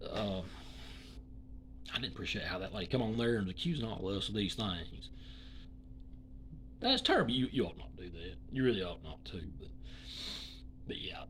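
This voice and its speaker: A YouTuber, rambling through an indignant opinion commentary and swinging between loud and hushed talk. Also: medium pitch, very animated, normal speed, pauses often, a little hiss or hum.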